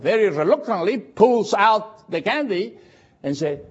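Man preaching, high and very lively voice, dull lo-fi recording. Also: husky. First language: Spanish. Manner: slow, emphatic preaching with repetitions. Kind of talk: sermon.

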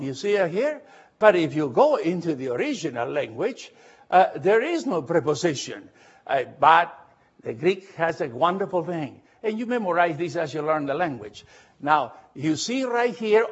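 A man with a high, husky voice leads a Bible study lecture. He talks earnestly and haltingly, stops often to ask whether his listeners follow, and spells out Greek letters slowly. The recording sounds dull and lo-fi. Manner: earnest, halting, often checks understanding with questions.

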